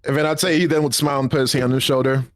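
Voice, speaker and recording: A man's voice: medium pitch, very fast, dry recording, studio quality. A man playing a tabletop role-playing game, animatedly describing what his character does. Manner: animated, laughing, describes actions. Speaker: player.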